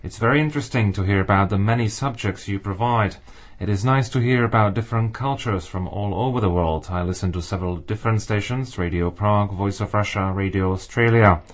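A man reading listeners' letters aloud on a radio show in a steady, plain way. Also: lowish voice.

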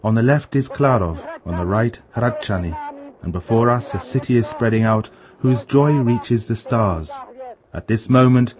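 A male radio host giving measured, scripted documentary narration. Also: mid-range voice, crowd noise. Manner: measured, explanatory.

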